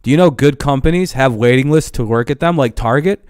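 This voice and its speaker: A man's voice: mid-range voice, brisk, a little mellow, smooth, no echo, studio quality. A young man hosting a live stream who rants heatedly, swearing often. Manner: heated, profane, ranting. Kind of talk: casual live stream rant.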